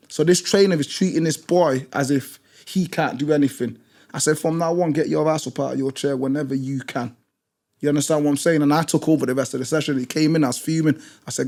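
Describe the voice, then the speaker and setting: A man's voice: on the high side, darkish tone. A British man who works as a gym instructor, telling stories in an emphatic, blunt way, repeating phrases for force. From Britain. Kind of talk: passionate storytelling in conversation.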